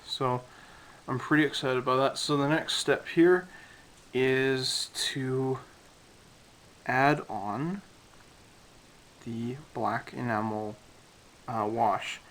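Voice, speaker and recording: A man's voice: mid-range voice, slow, pauses often, a little hiss or hum, low-quality recording. Man rambling through a model build. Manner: relaxed, rambling, with many fillers. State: out of breath. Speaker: scale model hobbyist. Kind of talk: casual build commentary.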